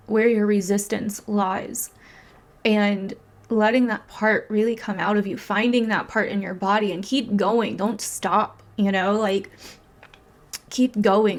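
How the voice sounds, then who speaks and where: A woman astrologer chatting to camera with a gravelly, creaky edge on her voice. She talks in loose, animated bursts, leaning on "like" and dropping swear words without a pause. Her pitch sits in the middle range. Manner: animated, swears freely, many "like" fillers. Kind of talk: casual confessional chat.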